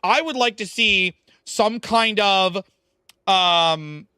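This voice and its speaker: A man with a bright, forceful voice streams a game and talks loosely with his chat. He rambles, swears freely and gets hyped. The sound is close and dry, with no room around it. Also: sits high, extremely slow, smooth, no room sound. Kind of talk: casual live-stream chat while gaming.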